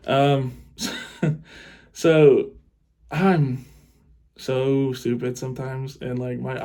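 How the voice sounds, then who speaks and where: A man's voice: mid-range voice, darkish tone. A young adult man, a teacher, telling a funny story in a loose, rambling way, swearing casually and breaking into laughs. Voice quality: rambling and crude, with frequent laughs.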